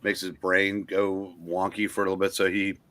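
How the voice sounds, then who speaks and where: An older man chatting casually about old comics, halting and restarting often as he reminisces. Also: low voice, monotone, sharp tone. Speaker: guest collector on a comic livestream. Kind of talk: casual chat.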